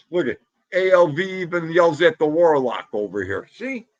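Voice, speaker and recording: A man hosting a casual livestream from home, loudly greeting chatters by name and reacting to comments. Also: fairly high pitch, no echo, lo-fi sound. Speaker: livestream host. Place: home room.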